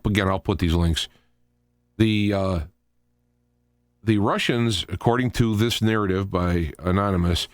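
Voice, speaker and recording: A man with a fairly low voice talks his way through opinionated commentary, wandering from point to point as he thinks aloud. The sound is dry and close, with no room around it. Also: no room sound. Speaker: show host. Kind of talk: solo political commentary.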